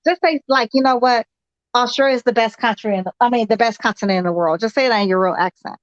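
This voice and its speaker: A woman co-hosting a casual chat show, loud and giggly, swearing freely. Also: fairly high pitch, fast talker, dry recording, dull audio. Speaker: podcast co-host.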